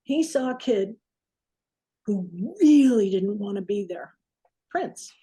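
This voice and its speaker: A woman recording engineer, interviewed as a guest, telling a story in an animated way and acting out the quotes. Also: mid-range voice, unhurried, husky.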